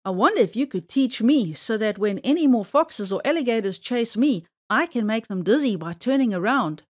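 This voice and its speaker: A woman doing a kindly old gentleman rabbit. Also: a little high, animated, normal speed. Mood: curious.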